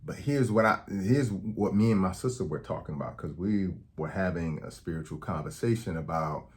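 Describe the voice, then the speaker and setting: A man's voice: deep voice, moderate pace. A man talking to camera as a health educator, conversational and explanatory, often checking in with "okay?". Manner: acts out quoted dialogue in anecdotes. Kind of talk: direct-to-camera talk.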